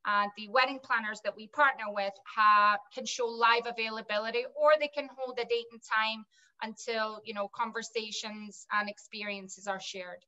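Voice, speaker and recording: Bright-voiced woman explaining business. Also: fairly high pitch, steady tone, moderate pace, lo-fi sound. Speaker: wedding business owner. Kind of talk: online panel remarks.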